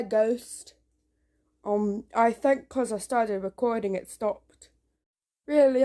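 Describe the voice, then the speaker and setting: A woman talks to her camera from a dark room at home, her voice sitting a little high. She rambles with restarts and swears often, jumpy and on edge. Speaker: vlogger. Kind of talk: casual home vlog.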